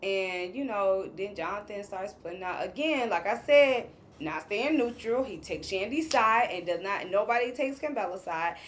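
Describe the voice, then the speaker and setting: A woman's voice: mid-range voice, moderate pace, a little hiss or hum. A woman hosting a casual recap of a reality show, retelling scenes in a chatty, gossipy way with plenty of fillers. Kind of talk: casual episode recap commentary.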